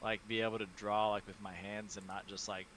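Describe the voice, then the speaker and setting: Male podcast co-host, bright, energetic delivery, loose and profane banter. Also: lowish voice, a little fast, a little hiss or hum. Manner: animated, playful, swears casually. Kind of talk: casual chat.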